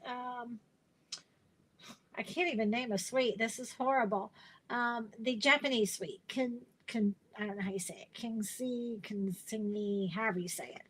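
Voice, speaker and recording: A woman's voice: fairly high pitch, rough recording. Chatty woman, tired and rambling. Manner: chatty, rambling, many fillers and restarts. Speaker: craft demonstrator hosting a live stream. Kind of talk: casual live-stream chat.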